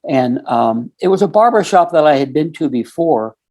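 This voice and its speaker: Mellow-voiced middle-aged man telling a story. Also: on the high side, lively intonation, normal speed. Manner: earnest, recounts conversations step by step; fills with "you know" and "um". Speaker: podcast guest. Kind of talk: casual storytelling.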